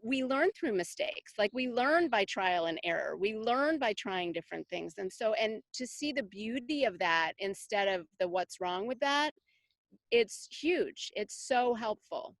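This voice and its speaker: A woman's voice: mid-range voice, expressive, a little slow, dry recording. A middle-aged woman, a parenting coach, talking casually in an interview, rambling with many fillers and restarts. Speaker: parenting coach, summit guest.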